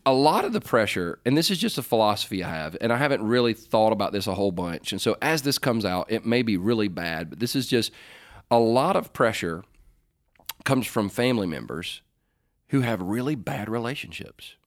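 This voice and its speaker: Middle-aged guy giving church-style advice, lowish voice, jokey and rambling. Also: big pitch swings, fairly quick. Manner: joking, rambling, self-correcting. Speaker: co-host answering listener questions. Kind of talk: casual faith advice chat.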